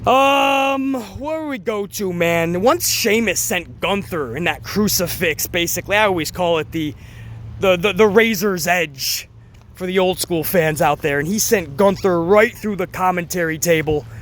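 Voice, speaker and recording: A man giving a casual, excitable review of a wrestling event, rambling and swearing as he goes. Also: high-pitched, a little slow, slight background noise. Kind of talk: casual commentary.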